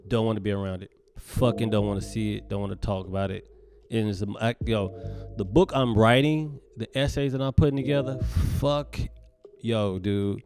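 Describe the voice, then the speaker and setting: A man from the United States, a comedian hosting a solo podcast, talking in a profane, emphatic rant that swings between loud bursts and hushed asides. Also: fairly low pitch, moderate pace, background noise.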